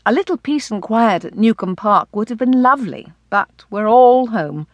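A woman voicing a composed, friendly young gentlewoman in an audiobook. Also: fairly high pitch, lively intonation, normal speed, no echo, close to an everyday voice.

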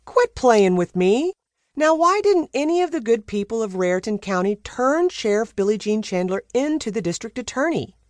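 Audiobook heroine: woman narrator doing a blunt, pushy woman reporter, lively and animated, dry read. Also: a little high, normal speed, no room sound, pitched above the performer's own voice. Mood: insistent. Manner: blunt, insistent.

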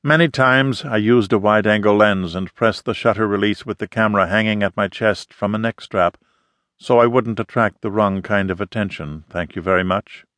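A man's voice: fairly low pitch, normal speed, fairly bright tone, no echo, natural voice. A man voicing an intense middle-aged woman photographer with a slight foreign accent and formal, emphatic phrasing, read in an audiobook. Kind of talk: audiobook character reading.

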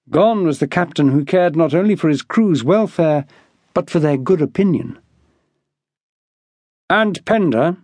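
A man narrating an audiobook in a measured, even storytelling delivery. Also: a little high, no echo.

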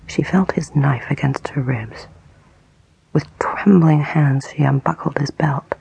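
A woman narrates an audiobook in a breathy, husky whisper. She reads slowly and intimately, with a gravelly texture. The recording is close and dry. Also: sits low, rough recording. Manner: slow, hushed, intimate.

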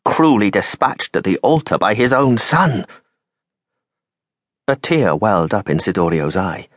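A man reading an audiobook aloud, measured and dramatic, slowing and going quiet on the grave moments. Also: on the low side, breathy edge, no room sound, studio quality. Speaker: audiobook narrator. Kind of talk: scripted audiobook narration.

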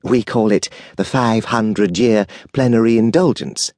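A man voicing a second male angel in an audiobook, explaining things slowly and gently. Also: lowish voice, dry recording, clean studio sound, natural voice. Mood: calm. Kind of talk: audiobook character voice.

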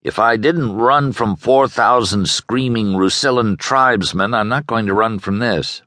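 Man doing a stubborn soldier, calm, firm, low voice, audiobook. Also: unhurried, no room sound, clean studio sound. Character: stubborn soldier brother, steady and principled. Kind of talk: audiobook character voice.

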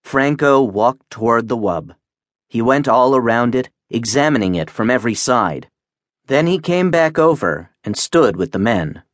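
Male audiobook narrator, measured, slow, lively pitch, dry close studio sound. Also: dry recording. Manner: measured, expressive reading. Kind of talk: scripted narration. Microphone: close studio mic.

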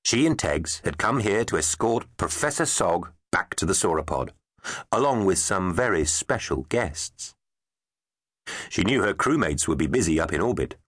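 Playful male storybook narrator, lower voice with very animated delivery, dry studio. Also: normal speed, breathy edge, dry recording. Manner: playful and emphatic. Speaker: audiobook narrator. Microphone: studio microphone. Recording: dry close studio sound.

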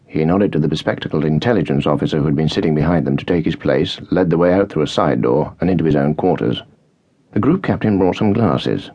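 A man narrates a novel in a steady, measured manner. His voice is extremely deep with a gravelly edge, and the recording sounds dull and lo-fi. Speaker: audiobook narrator. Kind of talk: scripted narration.

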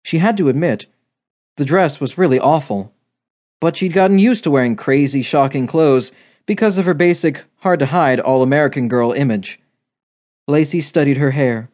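A man reading a romance novel aloud in steady, measured scripted narration. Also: a little high. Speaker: audiobook narrator.

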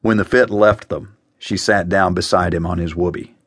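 A man narrating an audiobook in a measured, even way. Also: low voice, dry recording. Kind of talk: scripted narration. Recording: dry studio sound.

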